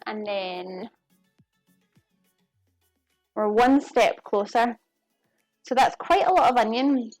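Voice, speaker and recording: Woman, home cook streaming live, chatty and easy, a bit higher pitched, faint music under her. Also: dry recording. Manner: chatty, talks to viewers while cooking. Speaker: cooking streamer. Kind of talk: casual live cooking chat. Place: home kitchen.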